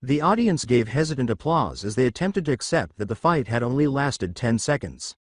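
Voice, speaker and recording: A man narrating a fan fiction story aloud in a steady reading manner. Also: medium pitch, moderate pace, no room sound, clean studio sound.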